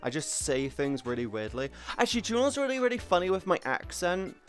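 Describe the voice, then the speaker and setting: A young man with a British accent chats loosely on a live stream, his voice sitting on the higher side. He rambles from one thought to the next and swears now and then. Faint music plays behind him. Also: sing-song, quick pace. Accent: British English. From Britain. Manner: rambling, chatty, swears casually. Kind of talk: casual live-stream chat.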